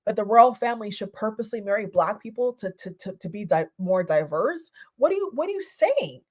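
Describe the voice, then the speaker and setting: A woman's voice: mid-range voice, expressive, fairly quick, a little mellow. A woman from Europe giving a heated, casual reaction rant, repeating herself and restarting her sentences, with some swearing. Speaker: vlogger.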